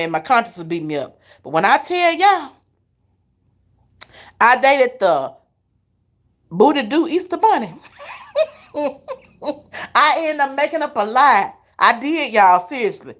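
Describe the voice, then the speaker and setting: Middle-aged woman, live-stream host, chatty and animated, fairly high voice. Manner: animated, chatty, laughs often. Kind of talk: casual storytelling to viewers.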